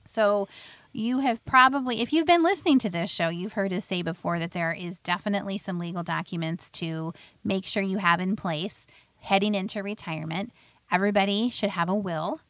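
Speaking at normal speed in a mid-range, slightly bright voice with no echo, a woman who is both a financial advisor and radio host lays out retirement planning plainly. She tells anecdotes about her clients and laughs lightly along the way.

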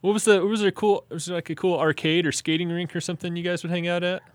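A man's voice: high-pitched, level tone, fast talker, no echo. A man hosting a casual podcast, prompting his guest with questions and laughing along. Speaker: podcast host. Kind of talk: casual chat.

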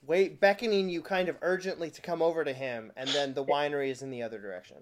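Relaxed male game master narrating. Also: on the high side, quick pace. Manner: relaxed, filler-heavy descriptive narration.

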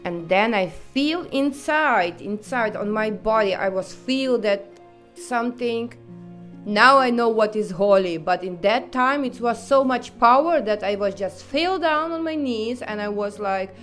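A woman from Europe, telling her own story in halting, English. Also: on the high side, expressive, a bit bright, faint music behind. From Eastern Europe. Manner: halting non-native English, vivid storytelling. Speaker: interviewee. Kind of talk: personal testimony.

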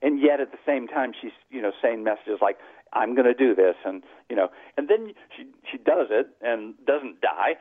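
A man's voice: mid-range voice, lively intonation, moderate pace, breathy edge, dry recording. A man who is a psychologist and author, explaining earnestly in a phone-in radio interview. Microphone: telephone. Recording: tinny dry phone line.

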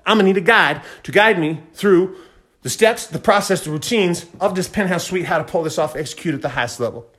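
A man hosting a podcast, fast-talking and fired up, giving a motivational monologue and repeating phrases for emphasis. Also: high-pitched, fairly bright tone. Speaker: podcast host.

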